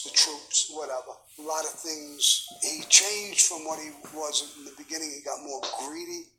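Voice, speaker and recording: A man's voice: a little high, low-quality recording. A man in his seventies, a guest in an interview, telling blunt, profane stories with lots of energy. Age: 70s. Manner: profane, blunt, animated storyteller. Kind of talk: candid storytelling interview.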